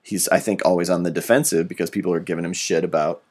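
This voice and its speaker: A man's voice: low voice, fairly even intonation, quick pace, darkish tone. A man hosting a casual podcast chat, ranting animatedly and swearing freely.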